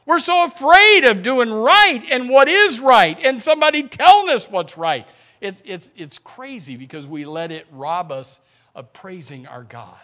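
A middle-aged man preaching a sermon in a church, animated, acting out grumbling voices and calling out to the congregation. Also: very high-pitched, unhurried. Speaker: pastor. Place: church sanctuary.

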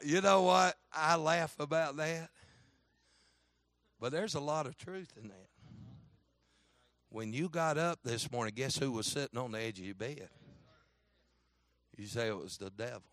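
A man's voice: mid-range voice, unhurried, long pauses, a bit bright, dry recording. A man pastor preaching a sermon, telling a story and acting out the voices, with frequent "amen?" asks to the congregation. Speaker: Baptist pastor.

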